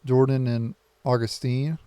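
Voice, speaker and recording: A man hosting a gaming channel, reading game dialogue aloud for viewers in a plain, unhurried way with small restarts. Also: mid-range voice, steady tone, warm tone, clean tone, dry recording.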